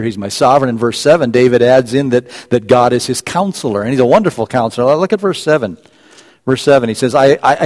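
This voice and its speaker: A man preaching a sermon, expounding scripture verse by verse, rising to emphatic peaks and dropping to quiet asides. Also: medium pitch, in a large hall. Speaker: pastor.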